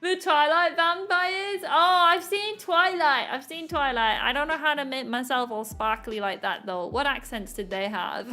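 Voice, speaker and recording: A woman's voice: sits high, pushed and bright. A woman streamer chatting casually while she draws, rambling and laughing often. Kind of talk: casual chat while drawing. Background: faint background music.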